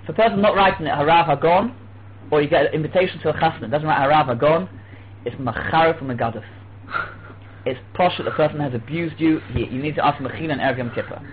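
A man teaching a religious lesson, telling stories lively and acting out quoted dialogue. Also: fairly high pitch, fast. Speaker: Torah teacher. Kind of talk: religious lecture. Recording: tinny phone-like with faint hum.

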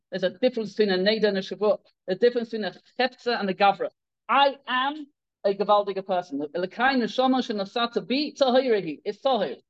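Man giving a lively sermon, dull recording. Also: sits high. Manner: animated, acts out quoted characters, many restarts. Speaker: rabbi giving a Torah talk. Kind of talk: sermon with storytelling.

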